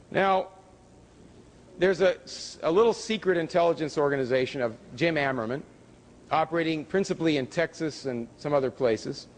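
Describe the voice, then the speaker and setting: A man giving a public lecture with slides, emphatic, with pitch rising on key words. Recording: hall reverb from a lecture room.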